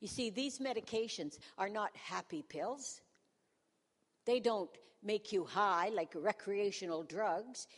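A woman's voice: mid-range voice, slow. A woman in her sixties, a pastor's wife, telling a humorous personal testimony to a congregation in a self-mocking, storytelling manner, in a church hall.

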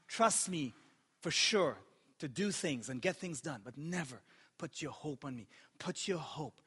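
A man with a high, bright voice preaches slowly and deliberately from a church sanctuary. He is impassioned and trades playful asides with the congregation. A long hall reverb trails every phrase. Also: slightly rough. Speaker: pastor. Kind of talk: sermon.

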